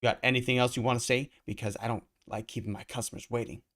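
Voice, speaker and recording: A cruel, menacing pimp snarls threats in a raised, loud voice, as a man reading a comic puts him on. Harsh and bullying, he barks every line. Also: on the low side, level tone, fast talker. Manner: snarling, shouting.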